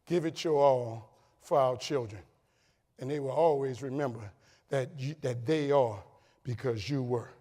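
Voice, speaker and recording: An energetic keynote speaker from New Orleans, USA gives a motivational talk in a large conference hall, his mid-range voice a little slow. He tells lively, humorous stories that build to loud punchlines, with the hall's long reverb echoing behind him.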